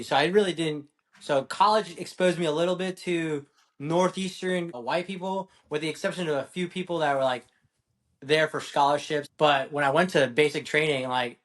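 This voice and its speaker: Rambling former soldier from New York City. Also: male voice, fairly high pitch. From Queens, New York City. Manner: rambling, self-correcting storyteller. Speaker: podcast guest. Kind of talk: casual interview chat.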